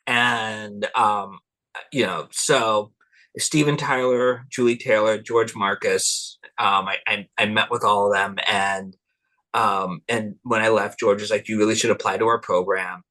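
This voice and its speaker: Bright-voiced man telling stories with laughs. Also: lowish voice, measured pace. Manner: rambling, laughs often, quotes people in animated voices. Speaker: guest, cultural anthropologist. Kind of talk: relaxed interview storytelling.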